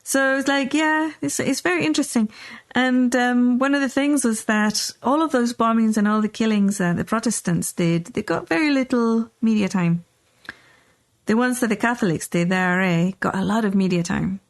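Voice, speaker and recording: A woman's voice: a little high, moderate pace. A middle-aged woman hosting a podcast, telling a personal story in a loose, rambling way with lots of fillers and restarts. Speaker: podcast host. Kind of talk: casual storytelling chat.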